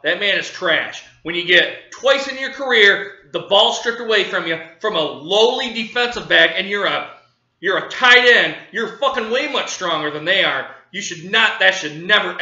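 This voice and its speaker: A man's voice: sits high, pushed and bright, echoey room, dull audio. A man ranting angrily about his football team, cursing and repeating himself, livid. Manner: profane, furious, repeating himself. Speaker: sports fan vlogger. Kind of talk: angry fan rant.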